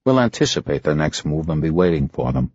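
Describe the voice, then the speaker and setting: A man voicing a cold, controlled commander who talks in a firm, steady commanding tone. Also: extremely low pitch, brisk, dry recording, pitched below the performer's own voice, heavily acted. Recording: muffled lo-fi recording.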